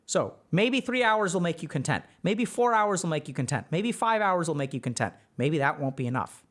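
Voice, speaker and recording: A male streamer coaching his viewers on their mental health. His pitch sits a little high and swings widely as he fires off rhetorical questions and checks in with "right?". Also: fairly quick. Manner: animated, asks rhetorical questions, often says "right?". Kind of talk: livestream advice talk.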